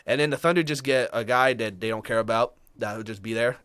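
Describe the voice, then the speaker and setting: Male co-host, mid pitch, casual chatty delivery, dry close mic. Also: fairly bright tone, clear, resonant tone, dry recording. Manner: rundown of trades, fillers and quick asides. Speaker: podcast co-host. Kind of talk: casual sports chat.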